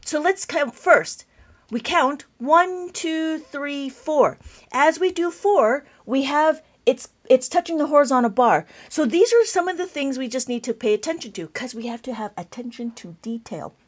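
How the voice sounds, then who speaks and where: A woman teaching an abacus lesson on a live stream, reading out viewer comments, speaking loudly and with enthusiasm. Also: high voice, expressive, moderate pace. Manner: loud, enthusiastic, passionate.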